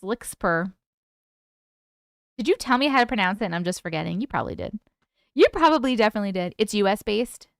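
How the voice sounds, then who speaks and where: A woman's voice: medium pitch, animated, a little fast, long pauses, no room sound, clean studio sound. A woman from the UK hosting a live stream at home, chatting casually and answering viewer comments as they come in. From United Kingdom.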